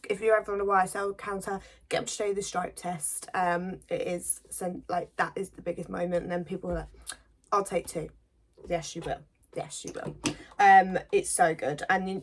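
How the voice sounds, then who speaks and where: A woman from the English Midlands chats through her makeup routine as if talking to a friend. She rambles happily from one thought to the next. Her voice has a hint of a cold coming on. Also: mid-range voice. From English Midlands, near Birmingham. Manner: chatty and rambling, talks to viewers like a friend. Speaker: beauty vlogger. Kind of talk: chatty get-ready-with-me makeup vlog.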